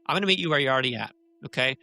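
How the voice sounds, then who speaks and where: A man, a podcast guest, talking casually and telling animated stories. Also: mid-range voice, very fast, vocal fry, no room sound. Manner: chatty storyteller, animated and laughing.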